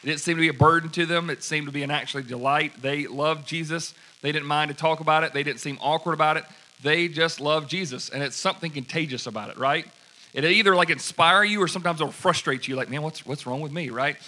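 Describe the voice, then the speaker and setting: Animated preacher with bright voice. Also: male voice, a little high, fast talker. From United States. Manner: animated, acts out quoted dialogue. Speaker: pastor. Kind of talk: sermon storytelling.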